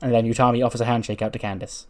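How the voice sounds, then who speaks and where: Man, casual game commentary, chatty, mid pitch, lots of fillers. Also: level tone, very fast, a little mellow. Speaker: game streamer. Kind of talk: let's play commentary.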